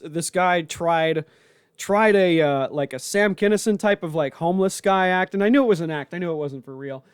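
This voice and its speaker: A man's voice: a little high, clean tone, no echo, clean studio sound. A man, a comedian and podcast host, recapping a show in a rambling, profane monologue full of restarts.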